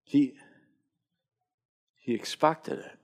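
A man preaching a sermon with passion, often repeating words as he starts a thought. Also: extremely slow. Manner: impassioned, repeats words when starting phrases. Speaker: pastor.

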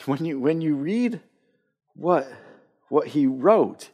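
A man's voice: a little high, lively intonation, takes it slowly, warm tone. A man preaching a sermon with passion, often repeating words as he starts a thought. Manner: impassioned, repeats words when starting phrases. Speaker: pastor.

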